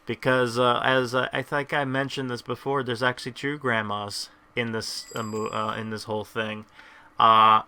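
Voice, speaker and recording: A man talks through his mobile game session as the channel's host, his voice very bright and cutting. He rambles casually, circling back and restarting his thoughts. His pitch sits in an ordinary middle range. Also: flat delivery, moderate pace, clean tone. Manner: rambling, lots of fillers and restarts. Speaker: gameplay host. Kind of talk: casual gameplay commentary.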